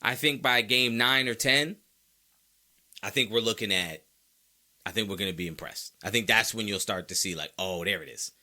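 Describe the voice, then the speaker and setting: A man's voice: lowish voice, steady tone, normal speed, pauses often, sharp tone. A man hosting a sports podcast, talking casually and playfully about football stats and now and then mock-quoting fans in exaggerated voices. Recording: mic close by.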